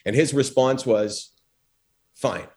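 A former talk show host telling lively stories as a podcast guest, acting out quotes and using lots of fillers. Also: male voice, medium pitch, moderate pace. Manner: animated storyteller, acts out quotes, frequent fillers. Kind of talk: storytelling in a podcast interview.

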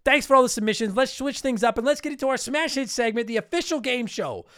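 A man's voice: extremely high pitch, expressive, fast talker, bright, forceful tone, no echo, clean studio sound. A man hosting a gaming podcast, reading listener comments with a profane, sarcastic, laughing manner. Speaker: podcast host.

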